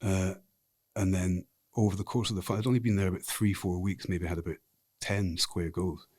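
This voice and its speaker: A man's voice: deep voice, steady tone, normal speed, darkish tone, no room sound, clean studio sound. A middle-aged man with a Scottish accent, a podcast guest telling frank, rambling stories in a casual interview. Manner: frank, rambling anecdotal storyteller.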